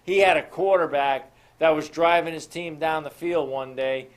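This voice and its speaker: A man with a slightly high voice gives a motivational talk, calling his listeners "folks". He moves from story to story and drives his points home with rhetorical questions. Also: fairly even intonation, moderate pace. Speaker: motivational show host.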